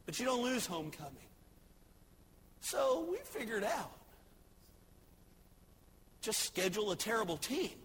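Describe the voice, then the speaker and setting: Preacher guy, very high voice, jokey storytelling sermon, little hiss in the background. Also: big pitch swings, a little slow, long pauses. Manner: jokey, storytelling, swings between soft asides and shouts.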